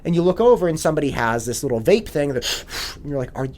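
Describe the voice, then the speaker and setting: A man in his forties hosting a casual interview, chatty and quick to tell stories. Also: on the high side, very animated, darkish tone. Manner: chatty, storytelling, quotes people in voices. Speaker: podcast host.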